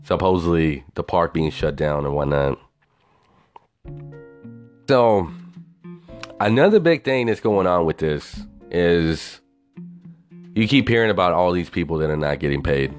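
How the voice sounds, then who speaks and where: A man's voice: sits low, animated, unhurried, pauses often, faint music behind. A man ranting in a casual, profane way, incredulous and swearing constantly.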